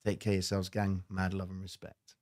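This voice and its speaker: A man's voice: deep voice, monotone, fairly quick, darkish tone. A man hosting a trading livestream, talking casually and emphatically to his viewers with slangy asides.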